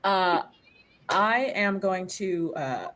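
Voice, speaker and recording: A woman playing a tabletop role-playing game, describing her actions haltingly with fillers and dry humor. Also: on the low side, expressive, a loud crowd. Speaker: player. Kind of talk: casual tabletop game chat.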